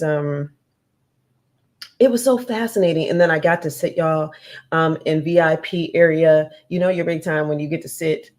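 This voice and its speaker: Woman, talk-show host, casual monologue, lowish voice, emphatic repeats. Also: a little mellow. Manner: chatty, addresses listeners as "y'all", emphatic repetition.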